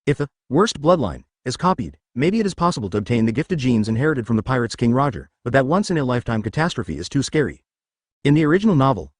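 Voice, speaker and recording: A man reading a story aloud in scripted audiobook narration, keeping one even voice even for the quoted speech. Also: medium pitch, no echo, clean studio sound. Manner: even reading of every line, quoted speech read in the same voice.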